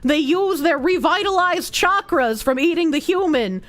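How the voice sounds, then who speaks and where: High, lively young woman streamer. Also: moderate pace, no room sound. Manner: animated, laughs often, thanks donors. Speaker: livestreamer. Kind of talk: live stream chat reading.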